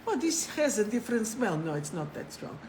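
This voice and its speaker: A woman's voice: a little high, very animated, brisk, a little mellow, a little hiss or hum. A woman mimicking a female friend with a put-on Russian accent, in a mildly surprised, matter-of-fact manner.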